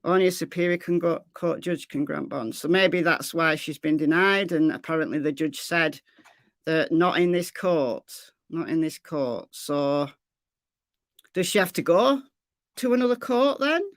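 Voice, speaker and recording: Speaking at a measured pace, a true crime livestream host with a low voice and lively intonation answers her viewers in a Lancashire accent; she's from Lancashire, England. Chatty and repetitive, she reads the chat aloud, and the close-mic sound is dry with no room sound.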